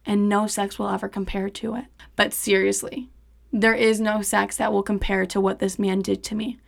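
A young woman hosting a podcast, telling a story in casual, animated, profane chat and acting out the quoted dialogue. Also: mid-range voice, vocal fry. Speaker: podcast host.

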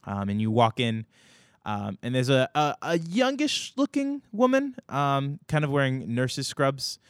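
A man's voice: medium pitch, big pitch swings, unhurried, smooth, no echo, studio quality. A man narrating as game master, hesitant and full of ums and restarts.

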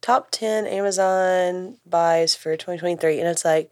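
A young woman co-hosts a casual podcast chat with a dry, complaining manner that breaks into laughter. Her voice sits somewhat low for a woman. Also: moderate pace, few pauses. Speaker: podcast co-host.

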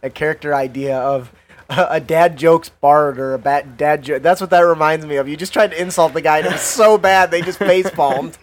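A man hosting a casual tabletop game podcast, rambling with fillers and quick laughs. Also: fairly high pitch, a little hiss or hum. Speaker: podcast host.

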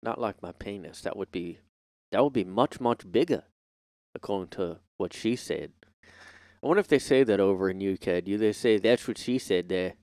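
Using a streaming setup mic, a US podcast host chats casually and alone from his room, rambling, joking, self-deprecating and full of fillers. His low voice is a little mellow at normal speed, with studio-quality sound and no room sound.

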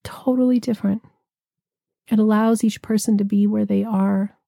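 A woman giving a gentle, reflective spiritual talk, slowing down to linger on lists of words. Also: mid-range voice, steady tone, creaky, no echo, studio quality.

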